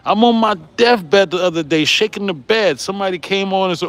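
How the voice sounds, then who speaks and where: A high-voiced man rants at his audience, swearing freely and pushing back at his critics. He keeps tossing in "right?" and breaks off into laughter along the way. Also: brisk, few pauses, no room sound. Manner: profane, combative, repeats "right?"; laughs often while ranting. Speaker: YouTube host. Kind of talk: heated vlog rant.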